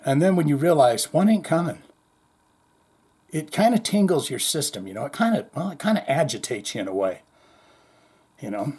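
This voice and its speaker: A man hosting a heavy metal news show in a rambling, slangy, offhand way, his voice sitting somewhat high. He strings thoughts together casually and slips into quick impressions of the people he quotes. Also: big pitch swings, a little mellow, slightly rough. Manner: rambling, loose, slangy, mimics others in higher voice. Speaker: podcast host.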